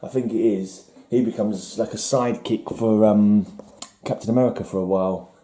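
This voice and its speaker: Here a man with a lowish, warm voice talks through the comics he picked up, thinking out loud and teasing himself before drifting off mid-thought. His intonation stays fairly even at a moderate pace, and the room gives an echo.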